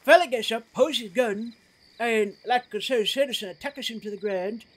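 A woman playing a blunt, stubborn frontier woman in a western role-play game, rambling in rough, ungrammatical talk as a witness. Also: on the high side, moderate pace, slight background noise, lightly acted. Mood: indignant.

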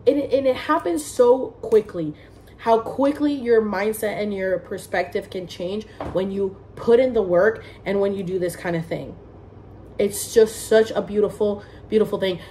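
A woman's voice: mid-range voice, darkish tone, a little hiss or hum. A young woman telling a story to her own camera indoors near a window, chatty and profane, full of "like" and playful voiced quotes. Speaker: vlogger.

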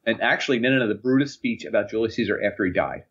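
A young man with a low, husky voice races through casual chat as a podcast co-host. He's an animated storyteller who acts out quotes in different voices. The recording has a dull, lo-fi sound.

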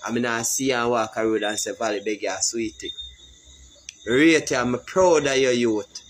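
A man's voice: mid-range voice, moderate pace, rough recording. Give me a Jamaican man scolding a fellow artist in a heated, repetitive social media rant, with a faint hiss behind him.

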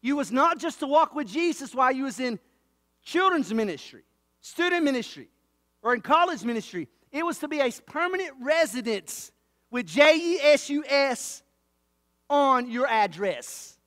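A male pastor with a very high voice preaches with fervent emphasis, hammering his points home through repetition. His voice is close and dry, but a long reverb trails off behind it in the sanctuary. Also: big pitch swings, normal speed, a bit bright. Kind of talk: sermon. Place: church sanctuary.

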